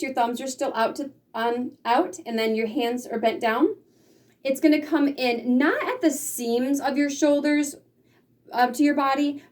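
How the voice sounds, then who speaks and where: A woman with a fairly high voice explains things patiently, step by step, as a teacher would. She sometimes acts out the feelings she describes. Her voice is picked up from a little way off the mic. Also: darkish tone, far from the mic. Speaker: sign language teacher. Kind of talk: casual instruction.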